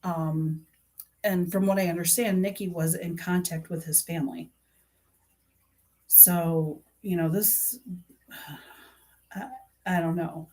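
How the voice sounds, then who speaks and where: A woman's voice: lowish voice, steady tone, takes it slowly, pauses often, warm tone. A middle-aged woman making a true crime vlog, talking casually to camera in a rambling, earnest way, full of fillers and restarts. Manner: earnest and aggrieved.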